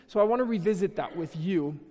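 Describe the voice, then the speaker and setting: High-voiced young man preaching in a hall. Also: brisk, dark tone. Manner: chatty, self-deprecating, with many restarts. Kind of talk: casual conversational sermon. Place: church hall.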